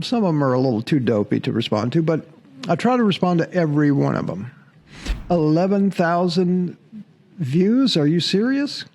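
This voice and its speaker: A man's voice: a little high, darkish tone. A man hosting a casual sports podcast, chatting to viewers, laughing often and mocking commenters.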